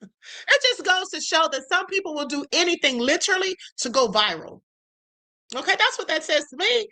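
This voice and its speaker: A woman with a high, bright voice hosts a casual live stream. She chats with amusement and calls her viewers beloved and honey. Her delivery is loose and conversational. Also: poor audio.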